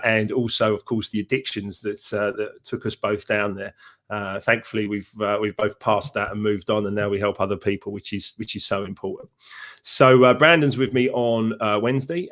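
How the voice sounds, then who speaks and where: Upbeat Cockney man, low voice. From England. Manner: upbeat, chatty, many fillers. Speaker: success coach. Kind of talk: casual live-stream chat.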